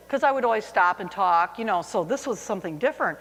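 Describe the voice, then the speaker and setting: A woman's voice: medium pitch, quick pace, few pauses, fairly bright tone. A woman in her forties, a teacher, telling a funny personal story to an audience with self-mocking humor. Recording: long hall reverb.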